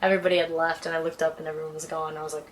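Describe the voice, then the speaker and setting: A woman's voice: deep voice, little pitch movement, racing, crowd noise. A woman in her twenties hosting a movie reaction video, gushing, playful and emotional in casual chat. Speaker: vlogger host.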